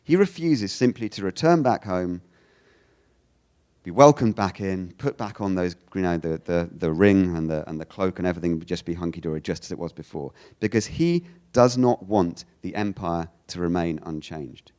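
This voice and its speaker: A man from the United Kingdom giving a lecture, animated, often restarting his sentences and acting out quoted lines. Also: sits low, moderate pace. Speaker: speaker giving a talk.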